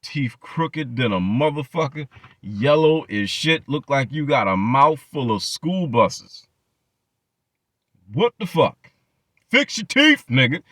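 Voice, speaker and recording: A man's voice: mid-range voice, expressive, slow pace, a bit bright, dry recording. A man hosting his channel, ranting in profane reaction commentary and mocking people with repeated phrases. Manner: mocking, profane rants with many repetitions. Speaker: channel host.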